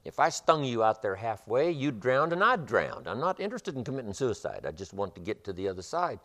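A man doing a smooth-talking scorpion. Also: medium pitch, big pitch swings, fairly quick, a bit bright, pitched above the performer's own voice. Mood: coaxing. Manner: polite, persuasive, coaxing.

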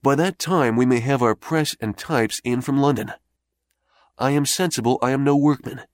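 A man's voice: mid-range voice, moderate pace, dry recording, clean studio sound, natural voice. A man voicing an earnest young male printer proposing a partnership, barely shifting from his narrating voice.

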